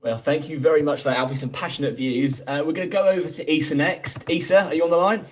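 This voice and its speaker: A man's voice: a little high, fairly even intonation. A young man from England hosting a talk show in an upbeat, chatty way. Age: young adult. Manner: quick, upbeat, chatty with fillers. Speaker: host.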